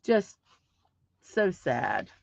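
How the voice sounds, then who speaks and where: A woman's voice: deep voice, very animated, very slow, creaky, slight background noise. A woman hosting a casual livestream, chatting upbeat and reading viewer comments aloud. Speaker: livestream host. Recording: dull lo-fi sound.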